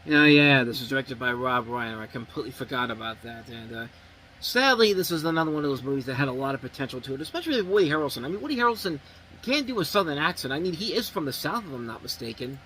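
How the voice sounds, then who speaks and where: A man's voice: medium pitch, animated, fast talker, pushed and bright, a little hiss or hum, rough recording. A man reviewing movies in casual talk, blunt and rambling with many restarts.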